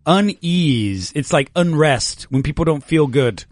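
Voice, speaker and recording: A man's voice: fairly high pitch, animated, measured pace, no room sound. Playful, encouraging male English teacher. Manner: encouraging, playful, laughs often. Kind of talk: casual vocabulary lesson.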